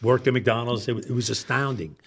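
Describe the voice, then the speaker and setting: A man's voice: mid-range voice, a little fast, fairly bright tone. A man guesting on a podcast who chats with enthusiasm and repeats his words for emphasis. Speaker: radio personality guest. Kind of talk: casual chat.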